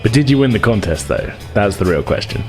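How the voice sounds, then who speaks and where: A man running a tabletop game as game master, relaxed and chuckling, with lots of fillers. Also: lowish voice, brisk, faint music behind.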